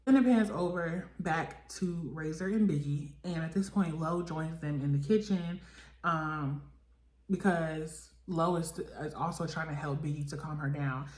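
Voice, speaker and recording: Young female recap vlogger, low-pitched, casual and chatty, heavy on fillers; echoey room sound. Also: a little slow, a little mellow. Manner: chatty, filler-heavy, voices the cast in quotes.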